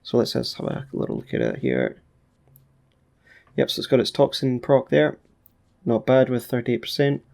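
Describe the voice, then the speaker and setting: A man's voice: medium pitch, wildly swooping pitch, normal speed, gravelly, pauses often, darkish tone. A man casually commenting on his gameplay as a gaming YouTuber, chatty and laid-back with playful asides.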